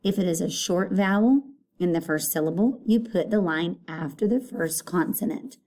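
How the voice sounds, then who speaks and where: A woman teacher giving a recorded phonics lesson, patient and repeating each word clearly. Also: on the low side, moderate pace, mellow.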